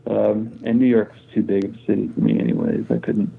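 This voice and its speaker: Rambling, swearing guest from Kansas. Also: male voice, on the low side, very animated, fast, vocal fry, breathy edge, phone-quality sound. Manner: rambling, profane, self-deprecating, restarts a lot. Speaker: podcast guest, musician. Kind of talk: casual storytelling chat.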